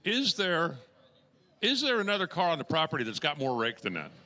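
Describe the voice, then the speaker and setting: A man calls drag races live with a bright, forceful edge to his voice. He fills the pauses with chatty asides and puns, and he gets louder as the cars launch and cross the line. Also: a little high, sing-song. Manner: raises his voice during launches and finishes. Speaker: drag racing track announcer. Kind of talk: live race commentary.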